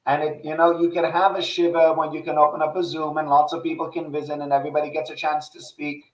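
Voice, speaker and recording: A man's voice: on the high side, flat delivery, fast talker, a little hiss or hum. Earnest storytelling man, echoey room. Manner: earnest, repetitive restarts, heartfelt storytelling. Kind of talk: casual conversation, personal storytelling.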